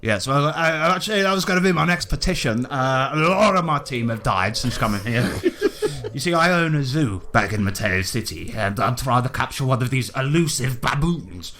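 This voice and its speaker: A man's voice: mid-range voice, expressive, moderate pace, sharp tone. A man voicing a pompous, boastful male explorer who runs a zoo, rambling and swearing constantly. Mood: belligerent.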